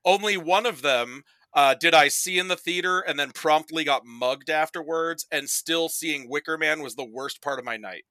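Bright, animated man on a podcast. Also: a little high, moderate pace, few pauses, dry recording. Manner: animated, profane storytelling. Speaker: podcast guest. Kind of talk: casual chat.

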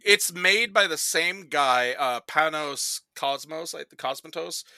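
A man with a very bright, cutting voice, talking casually as a guest on a podcast. He rambles animatedly, says "like" constantly and slips into quick put-on voices to quote people. The sound is close and dry. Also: a little high, animated, no room sound. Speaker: podcast guest presenting a movie bracket.

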